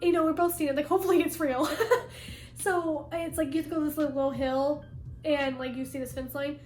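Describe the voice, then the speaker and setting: A young woman vlogger telling a story in a casual, animated way, acting out quotes and saying "like" a lot. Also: high voice, a little fast, a little hiss or hum. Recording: roomy echo with faint music.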